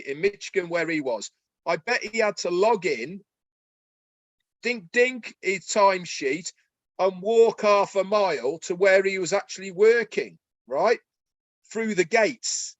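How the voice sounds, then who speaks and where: A man presenting on a promotional webinar, talking in an excited, pitching way over a video call. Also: measured pace, dry recording.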